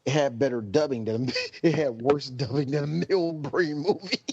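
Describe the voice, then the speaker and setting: A man's voice: medium pitch, moderate pace, a crowd in the background. A man guesting on a podcast, chatting casually and rambling with laughs. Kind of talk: casual chat. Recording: dry, dull lo-fi sound.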